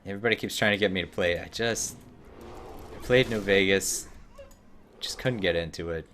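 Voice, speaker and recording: A man's voice: low voice, fairly quick, a bit bright, a little hiss or hum. A young man chatting casually while streaming a game live, joking with his viewers and sometimes putting on a playful accent for the characters. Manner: joking, chatty, voices quest characters in a put-on Scottish-style accent.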